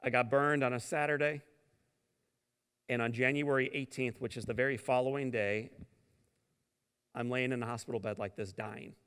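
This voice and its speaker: A middle-aged man from St. Louis giving a motivational keynote, telling his story dramatically and moving between booming lines and near-whispers. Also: steady tone, normal speed, long pauses, a bit bright, clear, resonant tone. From St. Louis, Missouri. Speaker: keynote speaker. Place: large conference hall. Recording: long hall reverb.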